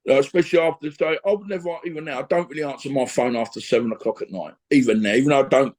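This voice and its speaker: Husky man telling stories. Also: medium pitch, rapid-fire, darkish tone. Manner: rambling, repeats "you know what I mean". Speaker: interview guest, former boxer and gym owner. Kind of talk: conversational storytelling.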